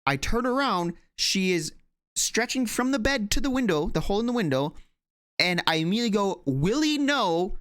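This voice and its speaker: A man's voice: sits high, animated, fairly quick, a bit bright, smooth, dry recording, clean studio sound. A man co-hosting a podcast, telling a long story in a casual, rambling way with lots of fillers, restarts and swearing. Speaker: podcast co-host.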